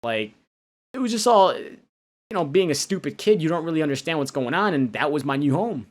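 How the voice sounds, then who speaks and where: A young man telling his own story in a loose, halting way, full of restarts and casual slang. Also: a little high, lively intonation. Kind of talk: personal storytelling.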